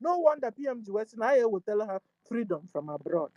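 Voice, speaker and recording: A woman's voice: fairly high pitch, big pitch swings, quick pace, a little mellow, no room sound. A woman with a Nigerian accent hosting her own channel, pleading in impassioned commentary full of rhetorical questions and lines in Igbo. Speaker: channel host.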